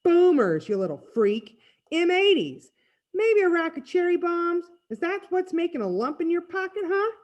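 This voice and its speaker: A woman reading a storybook aloud, voicing a menacing teenage bully who taunts slowly. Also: medium pitch, sing-song, dull audio. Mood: taunting. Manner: taunting, slow and drawn out.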